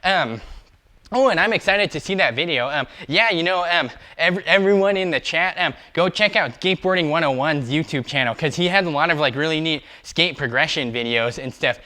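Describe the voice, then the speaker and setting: A man's voice: fairly high pitch, animated, a little fast, bright, forceful tone, no echo. A young man hosting a casual skateboarding livestream, rambling with lots of fillers and talking upbeat while he skates outdoors, a bit out of breath. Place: outdoors skating.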